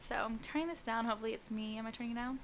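A woman's voice: on the high side, rapid-fire, slight background noise. A young woman co-hosting a podcast, chatting casually with a joking, sarcastic manner. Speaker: podcast co-host. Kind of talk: casual chat.

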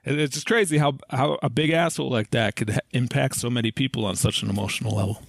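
A man co-hosting a film and TV podcast, talking casually in a halting way with many fillers. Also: mid-range voice, gravelly, no room sound, clean studio sound. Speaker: podcast co-host. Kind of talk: casual chat.

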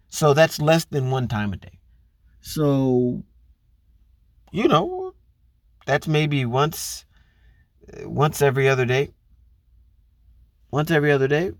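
This medium-pitched man comments on relationships in a blunt, profane casual monologue aimed directly at women listeners. He lectures them with pointed rhetorical questions, recorded in a clean studio with no echo.

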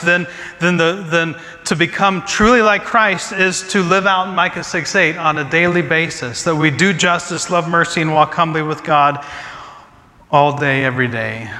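A man's voice: on the high side, sharp tone. A man preaching as pastor, earnest, often restarting and repeating his phrases as he speaks. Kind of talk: sermon with congregation Q&A. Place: church sanctuary. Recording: long church hall reverb, faint ambience.

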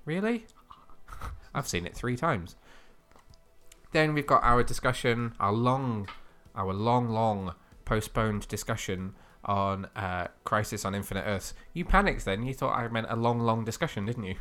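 A man's voice: lowish voice, lively intonation, unhurried, fairly bright tone. A man co-hosting a casual comic book podcast, chatty and teasing, often laughing. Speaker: podcast co-host.

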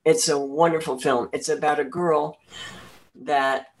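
A woman in her sixties from New Jersey, a guest recalling her career in a rambling, halting way. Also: deep voice, steady tone, poor audio. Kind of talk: casual interview, reminiscing.

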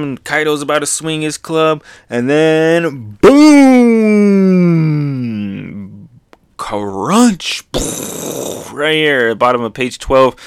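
A young man excitedly reacting to a comic chapter, laughing often and making sound effects. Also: mid-range voice, clear, resonant tone, dry recording, clean studio sound.

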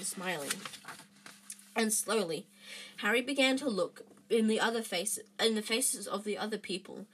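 Woman, husky and breathy, reading a storybook aloud with frequent restarts. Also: mid-range voice. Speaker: reader.

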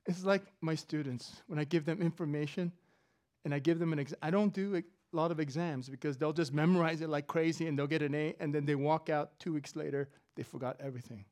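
A woman preaching a sermon, moving between soft conversational asides and loud, emphatic passages. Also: low-pitched, a little fast. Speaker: professor.

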